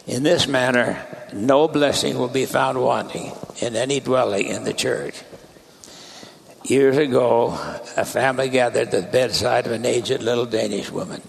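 A man delivering a sermon as a church leader, in a measured, deliberate preaching cadence. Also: medium pitch, gravelly, a little hiss or hum.

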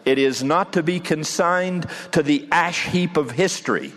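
Man voicing earnest Jesus, pleading, slow and deliberate, long hall echo. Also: a little high, fairly bright tone, voice pushed up. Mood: fervent.

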